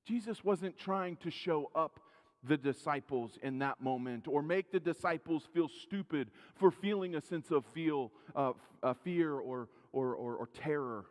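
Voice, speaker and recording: A man preaching a sermon as pastor. He speaks earnestly, asks the congregation direct questions, rises louder for emphasis and then drops low and quiet. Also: unhurried. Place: church sanctuary. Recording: long reverb of a church hall.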